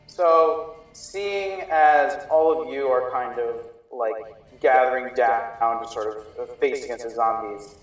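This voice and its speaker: A man running a tabletop game as game master, narrating in a halting way with fillers and restarts. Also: medium pitch. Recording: echoey room, distant mic, faint music.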